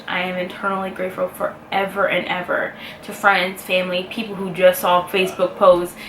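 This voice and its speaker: A woman speaking heartfelt and unscripted to her camera, her words often halting and full of feeling. Her voice sits at an ordinary middle pitch. The room rings with echo and a faint ambient hiss lies underneath. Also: pushed and bright. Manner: emotional, heartfelt, halting with pauses. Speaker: vlogger. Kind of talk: personal vlog talking to camera.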